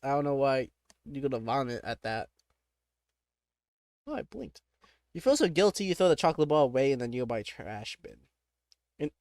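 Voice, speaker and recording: A young man reading a text adventure aloud, breaking off into quick, joking asides. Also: on the high side, dry recording, clean studio sound. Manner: reads narration then reacts in quick, joking asides. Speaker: gamer.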